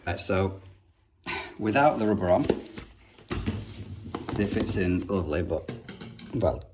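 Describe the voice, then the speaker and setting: Low-voiced english plumber bloke chatting through a toilet job, dry moany asides. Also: male voice, lively intonation, slow, pauses often, heavy background noise. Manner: chatty, dry grumbling asides while working. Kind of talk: casual work vlog narration. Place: indoor bathroom on a job.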